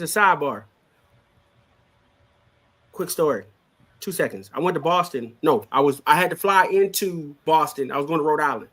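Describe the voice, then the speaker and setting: A man co-hosting a casual podcast chat, joking around and dropping quick asides. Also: on the high side, fairly bright tone. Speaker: co-host.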